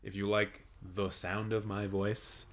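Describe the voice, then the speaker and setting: Man, low, raspy and hoarse, casual rambling live-stream host, good mic. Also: completely flat delivery, takes it slowly. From Canada. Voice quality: deep and raspy. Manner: chatty, rambling, with fillers and restarts. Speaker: film channel live streamer. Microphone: good studio mic.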